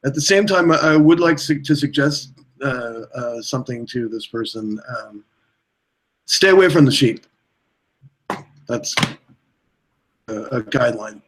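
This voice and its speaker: A man answering as a panelist at a mock press conference, hesitant and dry, with a soft-spoken delivery. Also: medium pitch, lively intonation, a little slow, pauses often, a little hiss or hum, rough recording. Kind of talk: deadpan comic answer.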